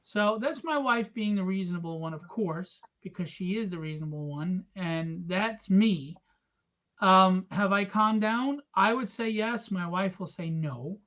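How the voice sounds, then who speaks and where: A middle-aged man hosting a livestream, telling stories in casual chat, animated and profane, acting out the people in them. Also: high-pitched, a little slow, highs cut off. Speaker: livestream host.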